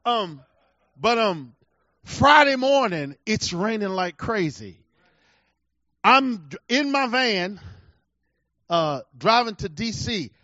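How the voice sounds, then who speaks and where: A middle-aged male preacher with a high voice tells a personal story in his sermon. He is emphatic and swings from loud bursts to quiet asides. The sound is dry, dull and lo-fi. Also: big pitch swings, slow, pauses often, no echo. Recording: dull lo-fi recording.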